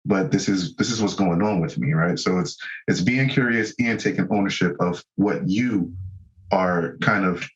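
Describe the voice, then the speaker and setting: A man's voice: low voice, normal speed, muffled recording. A man speaking as a guest therapist in a casual conversation, reflective and explaining ideas step by step.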